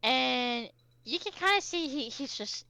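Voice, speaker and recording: Bright-voiced woman running a tabletop game. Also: sits high, animated, measured pace, gravelly, no echo. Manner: hesitant, lots of fillers. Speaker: game master.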